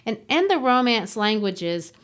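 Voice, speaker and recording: A woman's voice: a little high, sing-song, measured pace. A woman who teaches, co-hosting a podcast in a casual, explanatory way and tapping out rhythms as she explains.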